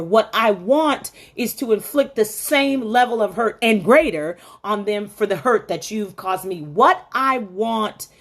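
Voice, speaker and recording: A middle-aged woman hosting a motivational faith-based talk, telling stories in a chatty way with many asides and frequent laughs. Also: medium pitch. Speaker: host of a women's faith talk.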